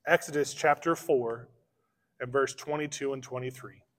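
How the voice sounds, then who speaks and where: A man preaching an expository sermon as pastor, slowing down to stress key phrases. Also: mid-range voice, fairly even intonation, a bit bright. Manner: expository preaching, slows for emphasis. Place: church sanctuary. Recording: long church reverb.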